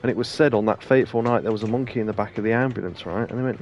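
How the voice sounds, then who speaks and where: A man's voice: on the low side, very fast, a little mellow, lo-fi sound. A man co-hosting a let's play, chatting casually and telling rambling anecdotes with plenty of laughs. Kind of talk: casual chat over gameplay.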